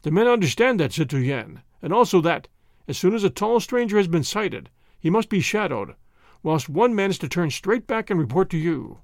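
A man's voice: sits high, big pitch swings, normal speed, no room sound, studio quality. A man voicing a deferential male secretary who stammers and reports eagerly to his superior. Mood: reporting.

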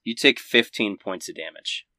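A man narrating as game master, giving quick, vivid play-by-play of a fight. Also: fairly low pitch, pushed and bright, slight background noise.

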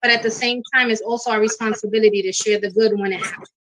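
A middle-aged woman with a bright, slightly high voice tells a personal story as a talk show guest. She recounts it in an emotional, animated way and acts out the lines of the people in it. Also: quick pace, a little hiss or hum, low-quality recording. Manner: emotional, animated retelling with acted quotes.

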